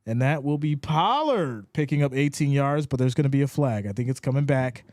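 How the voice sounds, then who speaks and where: A man hosting a live stream, calling the plays and reading viewer chat in an animated voice. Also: fairly quick, dry recording, clean studio sound. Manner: animated, rises in pitch when excited. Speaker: live stream play-by-play host. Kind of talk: play-by-play commentary with chat reading.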